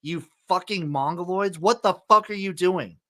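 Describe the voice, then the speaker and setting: A man's voice: high voice, moderate pace, bright, forceful tone. Blunt, profane man talking football. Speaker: podcast host. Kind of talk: casual sports chat.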